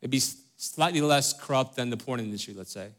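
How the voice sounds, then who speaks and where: A man's voice: medium pitch, fairly quick, a bit bright. A middle-aged man preaching a sermon as pastor, conversational and earnest, often checking in with "right?" and "okay?". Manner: conversational, many fillers and tag questions like "right?" and "okay?"; direct and earnest with the congregation.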